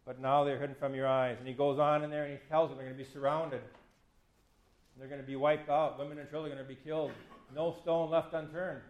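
A man's voice: a little high, level tone, fast, roomy sound, dull audio. A man in his fifties, a pastor giving a conversational sermon that acts out quoted speech with a self-deprecating touch. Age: 50s. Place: church.

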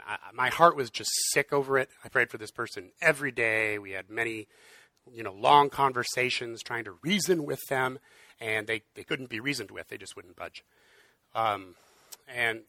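A man's voice: medium pitch, sharp tone, no room sound. A man preaching in an earnest, conversational way, with frequent fillers. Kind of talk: casual sermon.

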